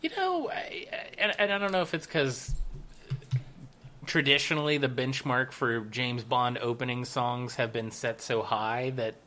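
A man's voice: medium pitch, animated, measured pace, bright, forceful tone, a little hiss or hum. A man co-hosting a podcast in casual chat, rambling and jokey with playful dramatic asides. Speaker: podcast co-host.

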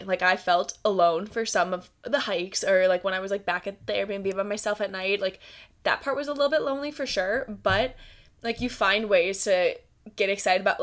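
A young woman from the United States hosting her own podcast, chatting casually with lots of "like" fillers and giggles. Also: mid-range voice. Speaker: podcast host. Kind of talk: casual solo podcast chat.

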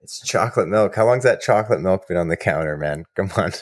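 A man's voice: low-pitched, expressive, quick pace. A man co-hosting a podcast who chats casually, laughs often and teases his partner. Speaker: podcast co-host.

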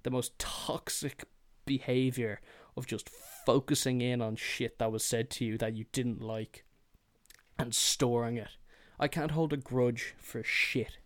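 A man of middle pitch rants alone on his podcast, swearing freely and getting worked up. He keeps slipping into whiny mocking voices to make his point. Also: steady tone, a little slow. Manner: profane, heated, swears freely; slips into mocking whiny impressions. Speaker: podcast host. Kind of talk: solo ranting monologue.

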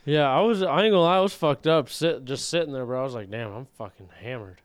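A man's voice: a little high, animated, fast talker, smooth, no room sound. A young man co-hosting a podcast, laid-back and agreeable, laughing along. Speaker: podcast co-host. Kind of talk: casual chat.

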